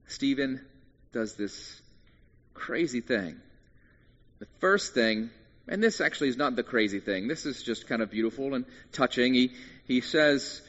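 A pastor preaches a sermon with animation, shifting between hushed and loud moments and tossing in jokey asides. His voice is mid-range, and the sound is dull with long reverb in a large hall.

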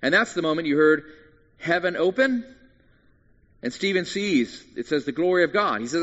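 A pastor delivering a sermon with a slightly higher-than-usual man's voice, and his words ring out through the long reverb of a large church hall. He moves from quiet, intimate stretches to louder, fervent ones and drops in light jokes along the way. The recording sounds a little dull and muffled. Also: normal speed, long pauses. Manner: animated, swings from hushed to loud; jokey asides.

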